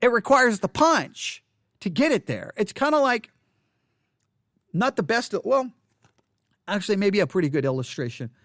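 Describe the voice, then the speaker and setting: A man's voice: high-pitched, no echo, clean studio sound. A man who teaches the Bible, talking to camera in a frustrated, repetitive rant. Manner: frustrated, ranting, repeats himself. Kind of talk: unscripted video monologue.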